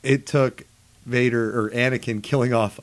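A man talking casually with friends, opinionated and animated, swearing freely. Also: mid-range voice, normal speed. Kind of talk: casual chat.

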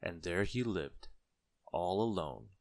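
A man reading a children's storybook aloud, slow and deliberate, leaning on key words for emphasis. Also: low voice, very animated, gravelly, no echo.

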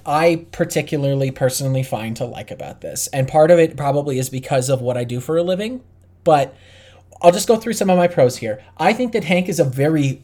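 A man's voice: fairly high pitch, dark tone. A man co-hosting a casual podcast, talking candidly and thinking aloud with frequent restarts. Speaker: podcast co-host. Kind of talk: casual chat.

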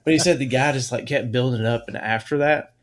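A man hosting a casual chat, telling a story with many fillers and halting restarts. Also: medium pitch. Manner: halting, full of fillers, laughs easily.

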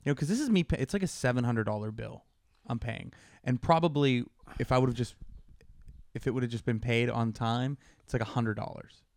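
A man's voice: mid-range voice, brisk, dry recording. A man co-hosting a casual podcast, telling a story and acting out both sides of a phone call. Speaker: podcast co-host.

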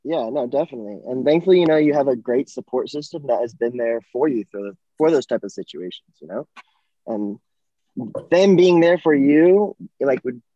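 A man's voice: mid-range voice, expressive, moderate pace, mellow, dry recording. Male host, mid-range voice, agreeable, dull dry recording. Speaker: podcast host. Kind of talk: casual interview chat. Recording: dry, muffled mic.

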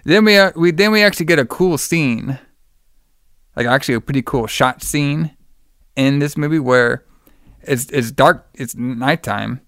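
In a relaxed, rambling chat, a podcast host walks through a film's story scene by scene at a measured pace, filling gaps with fillers. Quoting characters, he raises his voice higher and louder. His tone is smooth and resonant, and the close recording has no room sound.

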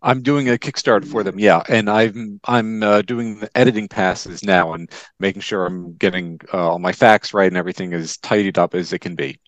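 A man's voice: low voice, moderate pace, no room sound. A man appearing as a guest author in a casual chat, talking at length with fillers as he explains.

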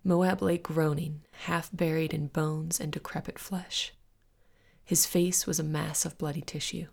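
A woman reading a spooky horror tale in a hushed, often whispered, dramatic way, as host of a story podcast. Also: deep voice, flat delivery, unhurried, gravelly, husky.

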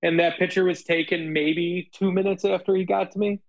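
A man's voice: high-pitched, moderate pace, lo-fi sound. A man hosting a casual chat with friends, telling stories and acting out what people said. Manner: animated storyteller acting out quotes. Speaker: host.

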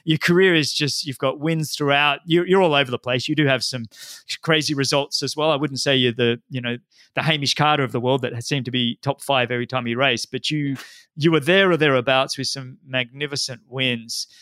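An Australian man in his forties hosting a podcast interview, chatty and quick to laugh. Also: mid-range voice, steady tone, no room sound, studio quality. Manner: chatty, laughs often, mimics shouts when retelling. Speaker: podcast host. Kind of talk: conversational interview.

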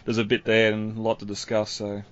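A man's voice: on the low side, monotone, brisk. A man hosting a podcast in casual chat, laughing often. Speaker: podcast host. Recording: dry, slightly dull audio.

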